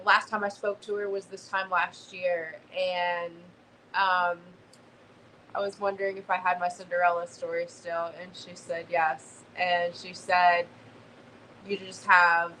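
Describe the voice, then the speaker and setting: Young woman, bright tense voice, animated storytelling, faint background hiss. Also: lowish voice, rough recording. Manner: animated storyteller, swears casually. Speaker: guest. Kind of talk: casual storytelling chat.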